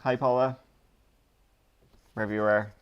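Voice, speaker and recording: A man's voice: lowish voice, level tone, moderate pace, clear, resonant tone, lo-fi sound. A man with a Dublin Irish accent casually reading out viewer questions on a live stream and answering them with lots of ums and rambling asides. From Ireland. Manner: rambling, reads questions aloud then answers with many ums.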